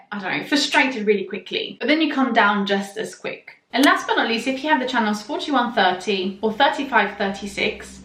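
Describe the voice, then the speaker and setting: Woman, calm explanatory teacher, talks to the viewer, echoey room. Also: a little high. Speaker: human design teacher. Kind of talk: explanatory video lesson.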